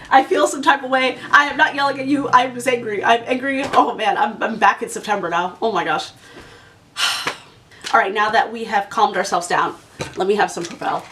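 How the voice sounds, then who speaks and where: A young woman reviewing books in a casual, animated rant, talking straight to her viewers. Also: fairly high pitch, far from the mic. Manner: animated, exasperated, talks to viewers directly. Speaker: book vlogger. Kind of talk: casual ranting book review.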